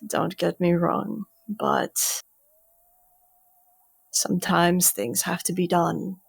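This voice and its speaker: A woman's voice: on the low side, steady tone, slow, creaky, slightly rough. A woman in a tabletop role-play, describing her character's actions and scolding another character in a stern, profane voice. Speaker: player voicing Curling.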